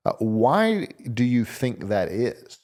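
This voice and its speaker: A man's voice: medium pitch, sing-song, slow pace, darkish tone. Guy co-hosting a chat, voice bounces around a lot, asks stuff, laughs. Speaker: podcast co-host. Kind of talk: casual chat.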